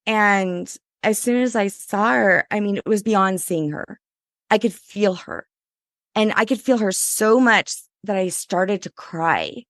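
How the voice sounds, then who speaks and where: Woman guest, chatty and animated, gravelly edge, mid pitch. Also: dry recording, clean studio sound. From Louisiana. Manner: animated, full of "like", acts out voices in her story. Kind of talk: casual interview storytelling.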